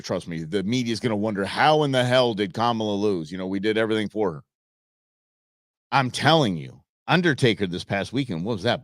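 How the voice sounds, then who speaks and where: A man's voice: mid-range voice, fairly bright tone, no echo, clean studio sound. A male talk show host giving combative, sarcastic live political commentary.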